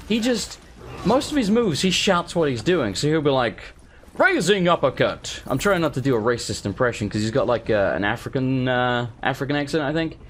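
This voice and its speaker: A man's voice: on the high side, slight background noise. A man with an English accent giving joking, rambling let's play commentary as a gaming video host. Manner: rambling, joking, self-deprecating.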